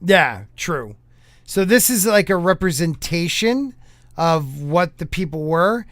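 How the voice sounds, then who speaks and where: High, smooth-voiced joking podcast host. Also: male voice, very animated, slow pace, fairly bright tone, no room sound, clean studio sound. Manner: joking, stumbles over words while reading. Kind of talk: casual chat, reading old newspapers aloud.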